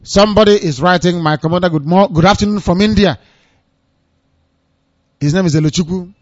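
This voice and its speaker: A man hosts a call-in radio program, his voice sitting a little high. He breaks into exclamations and mocking asides. The sound is dry and muffled, like a lo-fi broadcast. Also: fairly quick, a little mellow, no echo. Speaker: radio host.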